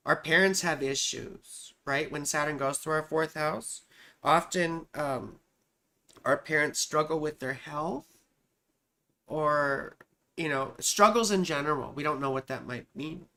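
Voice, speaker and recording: She speaks in a low, somewhat slow voice with a sharp edge, an astrologer running a live stream. She reads viewers' charts in a warm, chatty style, calling them sweetheart and darling, and thinks out loud as she hunts for each chart.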